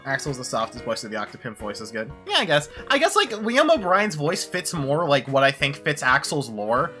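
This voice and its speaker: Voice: medium pitch, very animated, fairly quick, pushed and bright, soft background music. A streamer chatting casually during a video game stream, rambling and swearing, often laughing. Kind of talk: casual gaming stream chat.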